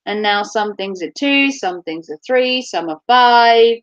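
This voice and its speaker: A woman's voice: medium pitch, expressive, a little slow, dull audio. A woman chatting casually to camera as a vlogger, giggly and teasing.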